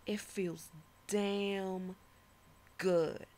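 A woman performing her own spoken-word poem with passion and a preaching tone, dropping to whispers and then rising to loud declarations. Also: medium pitch, steady tone, very slow. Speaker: poet. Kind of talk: spoken-word poetry recital.

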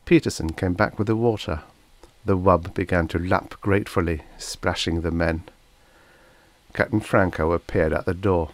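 A man reading a vintage science fiction story aloud as an audiobook narrator, in a measured storytelling manner. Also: deep voice, steady tone, no echo. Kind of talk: scripted narration.

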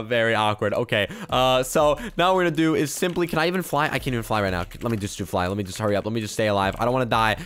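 A young man giving excited gameplay commentary, quick to yell and laugh, with loudness that swings fast. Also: a little high. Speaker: gaming YouTuber.

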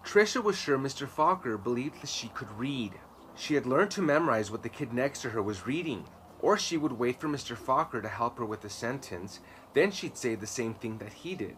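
A male educator reads a children's picture book aloud at a storytime pace. His delivery is expressive, dropping to slow, hushed passages and rising again. His voice is bright and sits at an ordinary pitch, with a faint hiss in the background. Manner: expressive, dramatic swings in loudness and pace.

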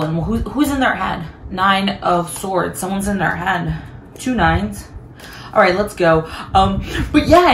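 A woman with a lowish, fairly bright voice does a casual tarot reading, bubbly and chatty, laughing often. The room is echoey, with faint background noise.

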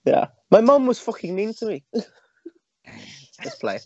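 A man's voice: high-pitched, wildly swooping pitch, a little slow, dark tone, no room sound, highs cut off. A man co-hosting a reaction video in casual chat, joking, laughing and swearing. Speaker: co-host of a reaction channel.

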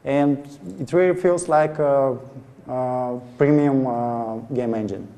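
A man giving a technical talk at a conference, pausing often with filler sounds. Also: medium pitch, mellow. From Bulgaria. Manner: hesitant, many filler sounds. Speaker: conference speaker. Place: large conference hall. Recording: reverberant hall sound.

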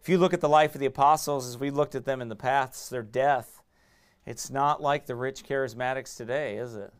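A middle-aged pastor, preaching a sermon in fiery, emphatic bursts that swing from quiet asides to raised shouts. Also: male voice, medium pitch, fairly quick, smooth.

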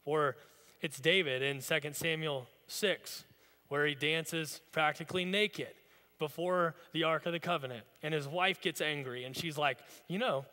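A man's voice: a little high, measured pace, bright, forceful tone, in a large hall. A man preaching a sermon as a pastor, in a conversational, storytelling way. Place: church sanctuary.

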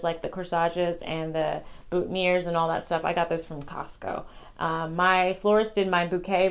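A young woman vlogger chatting casually about her wedding, rambling and fast with many ums and restarts. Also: low voice. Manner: talks fast. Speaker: vlogger sharing wedding tips. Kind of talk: casual chat to camera.

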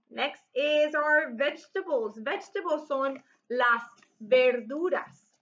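A woman teaching a recorded Spanish vocabulary lesson, speaking slowly and clearly and repeating each word several times. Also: sits high, fairly bright tone, muffled recording.

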